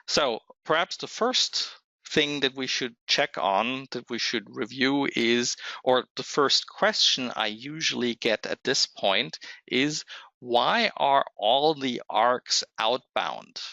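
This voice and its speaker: Hoarse man, slow gravelly webinar presenter, bright voice, dull lo-fi dry audio. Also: mid-range voice, dry recording. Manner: measured, explanatory, thinks aloud with pauses. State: hoarse, losing his voice. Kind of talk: software tutorial webinar. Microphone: computer mic on a webinar call.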